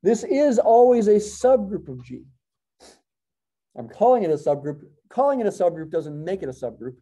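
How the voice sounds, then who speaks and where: Middle-aged male math professor, very dark mellow tone, lecture delivery, corrects himself as he goes. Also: sits high, big pitch swings, moderate pace. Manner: thinking aloud, self-correcting, wry asides. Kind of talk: classroom lecture.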